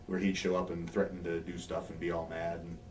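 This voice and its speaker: A man with a fairly low voice tells backstage stories in a dry, wry way, dipping into quick impressions of others. He sits a little off the microphone, and faint ambient hiss hangs under his words. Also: monotone, darkish tone, recorded from a distance, poor audio. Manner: wry anecdotal storyteller, acts out quotes. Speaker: interviewed former pro wrestler. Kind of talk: shoot interview storytelling.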